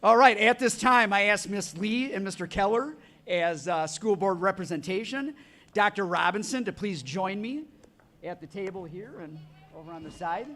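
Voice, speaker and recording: A man serving as master of ceremonies, explaining the diploma process and slowly reading out graduates' names. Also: high-pitched, bright, forceful tone. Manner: practical, reads out names slowly. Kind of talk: ceremony announcing.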